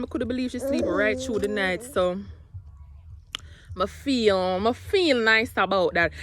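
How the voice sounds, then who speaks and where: A woman's voice: fairly high pitch, fairly bright tone. A young woman with a Jamaican accent chatting casually through her day in a home vlog, mixing Patois with English. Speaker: vlogger, single mom.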